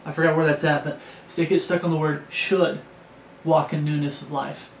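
Guy giving a sermon, slightly high voice, echoey room with a bit of hiss, keeps repeating himself. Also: flat delivery, normal speed. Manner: earnest, repetitive, restarts and stumbles. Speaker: preacher. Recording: echoey room with faint background noise.

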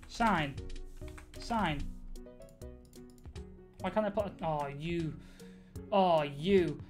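With soft music in the background, a Twitch streamer plays a game live, drawing out her words in a fairly low, darkish voice. The young woman's commentary is meandering and giggly, heavy on fillers and self-mockery.

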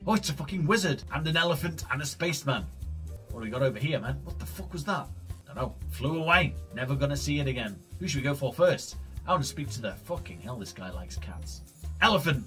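A man's voice: fairly high pitch, sharp tone. A man commenting on a video game he plays, joking and swearing a lot. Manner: profane, joking, laid-back. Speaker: gaming streamer. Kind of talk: let's play commentary.

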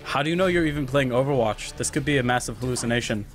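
A man's voice: mid-range voice, fast, soft background music. A man hosting a gaming video, chatting casually and teasing his sibling as they play, laughing often. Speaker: gaming channel host. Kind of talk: casual gameplay chat with sibling.

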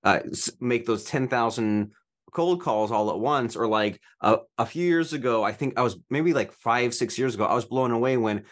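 A man's voice: mid-range voice, normal speed. A man hosting a podcast, talking casually with lots of "like" fillers. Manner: loose, with frequent "like" fillers. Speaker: podcast host.

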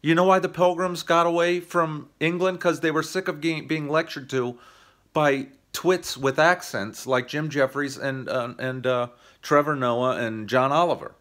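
A man's voice: a little high, fairly even intonation, measured pace, fairly bright tone. An American man ranting profanely into the camera for his comedy channel, combative and sarcastic. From United States. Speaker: YouTube comedian. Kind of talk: ranting video monologue.

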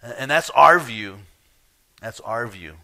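A pastor delivers a sermon slowly in a creaky, mid-range voice with lively intonation. He's emphatic, chatting with the congregation and shifting from hushed asides to loud, pressing points.

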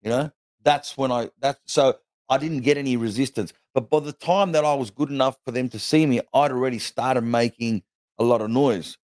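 An Australian man in his forties, a comedian chatting as a podcast guest and telling stories in an animated way, often restarting with "you know". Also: mid-range voice, moderate pace, no room sound, clean studio sound. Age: 40s. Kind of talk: casual podcast chat.

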